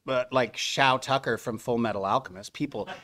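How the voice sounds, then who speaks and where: A middle-aged man, a voice actor, telling stories to a convention audience in an animated way, acting out the other people's lines. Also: medium pitch, moderate pace, a crowd in the background. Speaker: voice actor at a fan convention panel. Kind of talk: anecdotal storytelling to a live audience.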